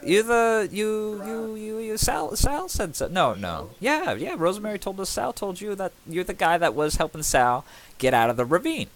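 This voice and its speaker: A man voicing an excitable young male blacksmith who stammers eagerly. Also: sits high, moderate pace, pitched above the performer's own voice.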